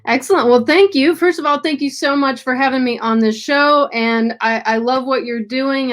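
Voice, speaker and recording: A woman from Los Angeles, a puppeteer guest answering interview questions in a friendly, relaxed way. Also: on the high side.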